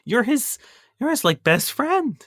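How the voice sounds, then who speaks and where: A motherly halfling cook with a lifted, swooping voice fusses and soothes in a tabletop game. A man puts her on, pitching well above his own voice. The sound is close and completely dry. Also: sing-song, moderate pace, fairly bright tone, no echo. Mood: soothing. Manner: fussing, apologetic, soothing. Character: flustered kind halfling woman cook, motherly.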